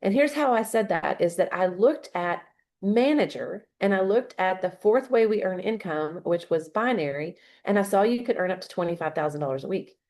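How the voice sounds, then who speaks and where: A woman's voice: medium pitch, lively intonation, moderate pace, a little mellow. A woman in her fifties, a guest speaker giving a fired-up motivational talk full of storytelling.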